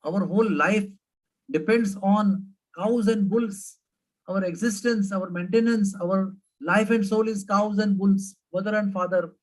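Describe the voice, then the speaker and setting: A man's voice: high-pitched, fairly even intonation, a little slow, voice pushed up, rough recording. A man voicing reproachful cowherd women. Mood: accusing. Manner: reproachful, accusing. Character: indignant village cowherd women, group.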